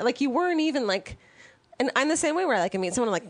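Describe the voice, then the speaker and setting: A young woman co-hosting a casual chat, an animated storyteller who swears freely. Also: on the high side, quick pace, dry recording.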